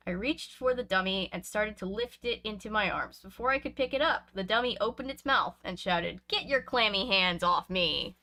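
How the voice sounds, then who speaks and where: Bright-voiced woman reading aloud. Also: medium pitch, brisk, few pauses. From Canada. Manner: lively expressive reading, chatty asides between passages. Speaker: reader and streamer. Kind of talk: reading a children's book aloud. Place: home room with bookshelves.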